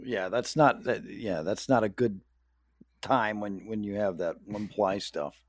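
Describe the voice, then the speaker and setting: A man's voice: on the low side, a little slow, dry recording, clean studio sound. A man co-hosting a casual chat, easygoing, asking playful questions and laughing often. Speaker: podcast co-host.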